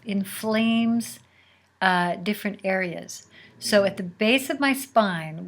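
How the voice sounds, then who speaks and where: A woman host telling a personal story in a casual, unhurried way, sometimes dropping to a near whisper. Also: medium pitch, slight background noise. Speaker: podcast host.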